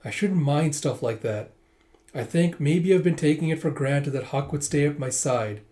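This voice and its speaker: A gentle young princess speaks with quiet sincerity, voiced by a man reading a manga aloud. The voice sits a little high and stays plain, close to a reader's own voice. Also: normal speed, natural voice. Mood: earnest.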